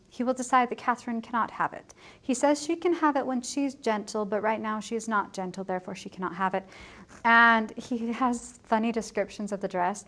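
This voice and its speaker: With a fairly high, fairly bright voice, a woman teacher casually summarizes a plot for her students in a school building over lunch. She's chatty and self-correcting, and she acts out the quoted lines lightly.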